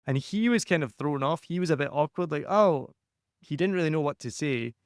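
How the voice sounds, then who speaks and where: A man hosting a podcast who coaches his guest in a lively, conversational way and acts out quotes with added pitch. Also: fast, dry recording, clean studio sound.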